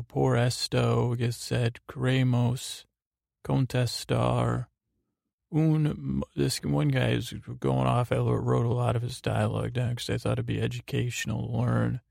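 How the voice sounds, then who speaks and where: A man hosting a sleep podcast, slowly retelling episodes in a meandering way full of fillers and restarts. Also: medium pitch, creaky, a little mellow, no room sound, clean studio sound. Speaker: podcast host. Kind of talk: rambling bedtime recap.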